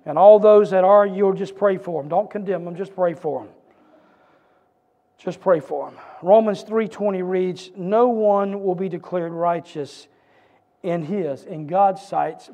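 A man preaching a sermon as pastor, with a repetitive, building cadence that rises to shouts. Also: high voice, highs cut off. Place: church sanctuary. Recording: church hall reverb.

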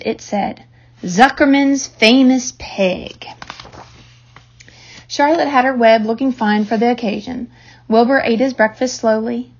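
A woman with a slightly high voice reads a children's novel aloud in a steady storytelling style. The recording sounds dull and lo-fi.

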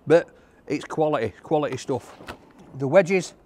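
A man's voice: fairly high pitch, animated, measured pace, a little mellow, slight background noise. A man reviewing a takeaway outdoors, chatting and gushing over every bite. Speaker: food reviewer. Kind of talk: casual food review to camera.

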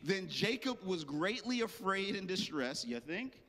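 A man's voice: high-pitched, very animated, measured pace, a bit bright. A man preaching a sermon as pastor, casual and joking with slang asides. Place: church. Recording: long hall reverb.

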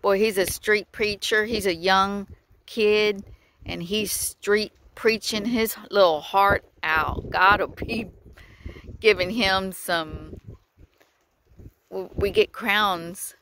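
Breathless woman, slow and earnest, faith vlog recorded on a phone outdoors with wind noise. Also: medium pitch, a bit bright, low-quality recording. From Texas. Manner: slow, earnest, with frequent laughs and pauses. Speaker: vlogger. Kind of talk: casual religious vlog. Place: outdoors by the water at sunset.

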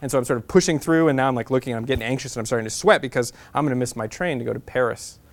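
A man in his thirties from Nebraska, telling a lively travel story as a guest speaker to a class, repeating a refrain and acting out the voices he quotes. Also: medium pitch, racing. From Nebraska, USA. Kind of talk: storytelling lecture to students.

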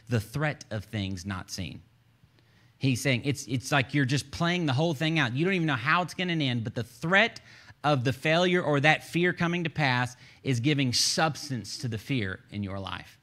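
Bright-voiced Texan pastor preaching. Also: male voice, mid-range voice. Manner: animated, joking, conversational preaching. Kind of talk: sermon. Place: church stage.

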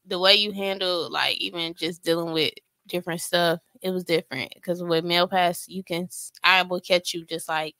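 Podcast co-host, woman, earnest and reassuring, bright tone, dry sound. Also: lowish voice, steady tone, moderate pace, hardly any pauses, dry recording. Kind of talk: casual heartfelt conversation.

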